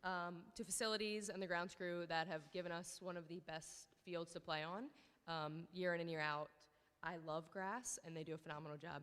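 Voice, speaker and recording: A woman's voice: lowish voice, fairly bright tone, smooth. A woman in her thirties, a girls' team coach, giving an emotional awards ceremony speech with nervous ums and many thanks. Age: 30s. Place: large hall at a school ceremony. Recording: hall reverb from a PA speech.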